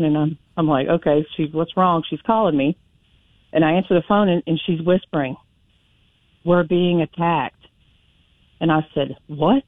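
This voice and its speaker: A woman calling in to a radio talk show, telling a personal story in a chatty, animated way. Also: lowish voice, dry recording. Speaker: caller. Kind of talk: phone-in storytelling. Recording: tinny phone line.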